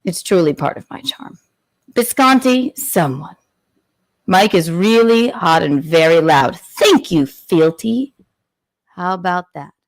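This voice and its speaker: A woman hosts her own live stream, casual, playful and theatrical, humming nonsense sounds while adjusting the volume on her studio mic. Her voice is on the low side with lively intonation and a slow pace.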